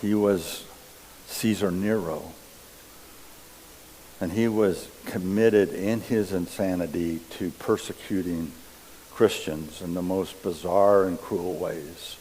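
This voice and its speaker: A man preaching a sermon in a church, reading scripture and explaining it deliberately. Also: low voice, fairly even intonation, mellow, a little hiss or hum. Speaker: pastor. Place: church sanctuary. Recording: long reverb of a church hall.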